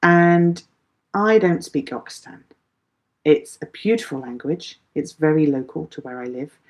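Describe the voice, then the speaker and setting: Lively middle-aged woman teaching English. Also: deep voice, a little slow. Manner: patient, explaining with everyday examples. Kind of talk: live online English lesson.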